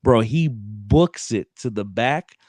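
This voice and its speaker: A man's voice: on the low side, takes it slowly, no room sound. Slang-heavy man telling a story. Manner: animated, streetwise slang, frequent "bro". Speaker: podcast co-host. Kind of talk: casual storytelling chat.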